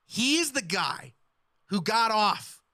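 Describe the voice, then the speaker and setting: Woman, video commentator, bright forceful tone, measured, analytical. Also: mid-range voice, big pitch swings, no room sound, studio quality. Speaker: music commentator.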